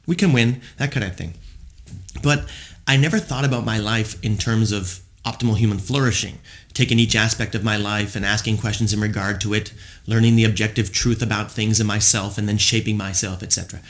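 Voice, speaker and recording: A man's voice: lowish voice, steady tone, fairly quick, fairly bright tone. A man in his forties hosting a podcast, telling personal stories in a rambling, reflective monologue full of fillers. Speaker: podcast host.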